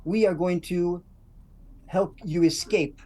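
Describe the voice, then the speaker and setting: A short halfling woman speaks to a crowd of freed captives in an earnest, urgent voice. A woman gives her voice at her own natural pitch. She lowers her pace to press each instruction home. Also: slow, warm tone. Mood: urgent, pleading.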